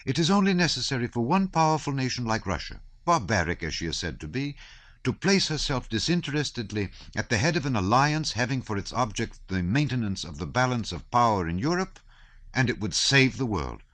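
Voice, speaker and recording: A man's voice: mid-range voice, very animated, a little fast, a bit bright, no room sound, pitched above the performer's own voice. A man voicing a pompous abbé who explains his pet theory in a lecturing tone. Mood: earnest. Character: pompous middle-aged male abbé theorist.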